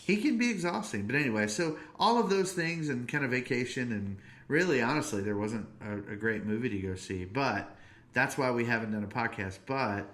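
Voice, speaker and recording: A man's voice: medium pitch, expressive, a bit bright. A man in his thirties hosting a podcast, chatting casually in a playful, joking way and stretching out his stories. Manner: playful and joking, drawn-out storytelling. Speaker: podcast host. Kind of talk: casual chat.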